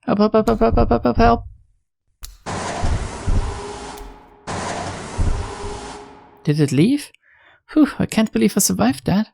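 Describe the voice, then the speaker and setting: A woman's voice: medium pitch, sing-song, moderate pace, vocal fry, background noise, voice pushed up. A woman reading aloud as a frightened young woman detective hiding from a monster in a game, stammering and pleading. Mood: terrified. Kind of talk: reading a visual novel's lines aloud.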